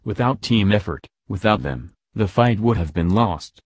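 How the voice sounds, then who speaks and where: A man reading out a blunt, profane army general's speech to his troops in a gruff, commanding manner. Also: on the low side, lively intonation, normal speed, no echo. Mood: stern. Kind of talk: read-aloud speech.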